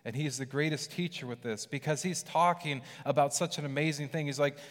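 A man gives a relaxed, conversational sermon with a fairly high voice, slipping into lively character voices as he retells scripture. His words ring out with a long reverb, as in a church hall. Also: a little fast, few pauses. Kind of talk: casual sermon.

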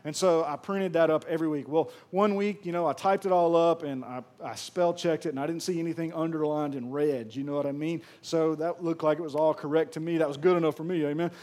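A man's voice: on the high side, fairly even intonation, brisk, few pauses, darkish tone. A man from Mississippi with a Southern accent, a pastor preaching a sermon in a chatty, joking way and talking straight to the congregation. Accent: Southern American. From Pearl, Mississippi. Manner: jokey, chatty, addresses the crowd directly.

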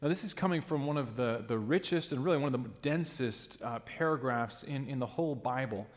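A man's voice: medium pitch, fairly quick, in a large hall. A man preaching a sermon in a church, earnest and emphatic, sometimes restarting a phrase.

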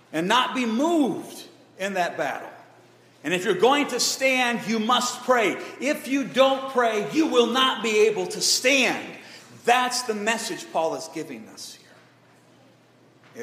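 A man's voice: sits high, fairly bright tone. A man pastor preaching an emphatic sermon to his congregation, asking them questions. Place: church sanctuary. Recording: echoey hall reverb.

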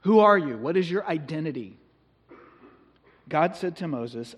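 Male pastor, earnest and conversational, slightly high voice, reverberant hall. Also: expressive, slightly rough. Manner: earnest, conversational, slows for emphasis. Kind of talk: sermon.

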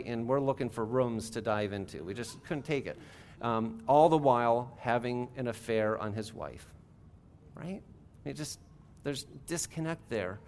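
A middle-aged pastor delivers a sermon in a relaxed, conversational manner. He often tosses rhetorical questions and quick asides to his listeners, and his voice sits at an ordinary pitch for a man. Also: a little hiss or hum.

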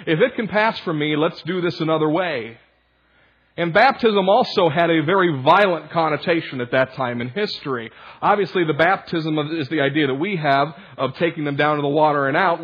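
A man's voice: a little high, husky, lo-fi sound. A man pastor preaching a conversational sermon and acting out the voices of the people in the story. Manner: conversational preaching, acts out voices of disciples and Jesus.

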